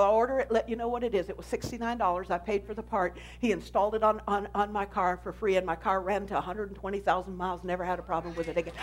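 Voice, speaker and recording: A woman pastor giving an animated sermon testimony, telling her story with emphasis. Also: a little high.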